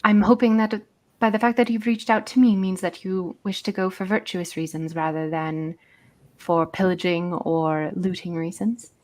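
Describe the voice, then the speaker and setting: A woman's voice: fairly low pitch, flat delivery, moderate pace, darkish tone, close to an everyday voice. A woman voicing a gracious female jungle guide, speaking formally in a put-on British accent. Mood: courteous. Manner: courteous, formal phrasing.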